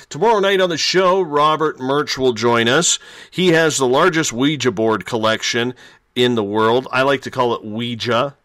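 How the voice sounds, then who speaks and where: A man's voice: medium pitch, a bit bright, no echo. Man, radio host, upbeat, chatty, dry studio mic. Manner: upbeat, plugs and chats with guest. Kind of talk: live late-night radio talk. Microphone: studio microphone.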